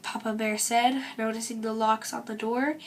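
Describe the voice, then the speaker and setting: Higher-voiced woman reading a storybook. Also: moderate pace. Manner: expressive storytelling. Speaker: reader. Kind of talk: reading a children's storybook aloud.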